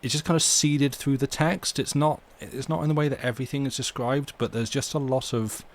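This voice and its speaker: A man's voice: mid-range voice, steady tone, fairly quick. A man chatting casually with his live-stream audience, rambling and restarting his sentences between readings. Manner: rambling, self-interrupting, chuckling asides. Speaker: streamer reading stories aloud.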